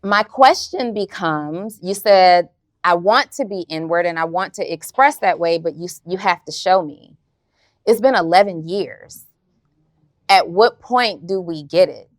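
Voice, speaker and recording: A woman's voice: on the low side, unhurried, dry recording. A woman on a podcast panel asking direct, teasing questions. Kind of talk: probing podcast discussion.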